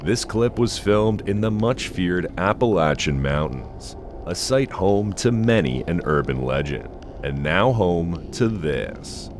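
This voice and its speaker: A man giving a scripted horror-list narration in a slow, ominous storytelling manner. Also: low voice, lively intonation, background noise. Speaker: narrator of a countdown list video. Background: soft background music.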